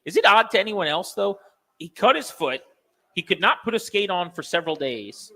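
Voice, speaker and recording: American man, sports radio host, bright tense voice, higher pitch, reverberant studio. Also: sing-song, normal speed. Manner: chatty, joking.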